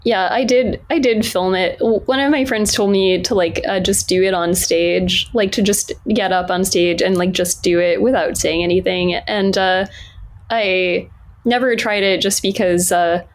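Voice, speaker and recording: Young female podcast host and comic, middle-pitched voice, halting and full of "like". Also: fairly even intonation. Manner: hesitant, heavy use of "like". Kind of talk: casual interview chat.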